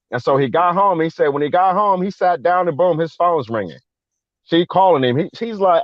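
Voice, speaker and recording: A man's voice: fairly high pitch, fairly quick, no echo. A man telling a long personal story in casual chat, slangy, acting out the people he quotes. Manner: animated, slangy, acts out quoted voices. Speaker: guest veteran. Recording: dull lo-fi dry sound.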